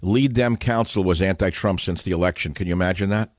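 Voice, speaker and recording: An older man hosting a talk radio show, delivering a combative, sarcastic monologue that rises to loud bursts and drops low. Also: brisk, dry recording, clean studio sound.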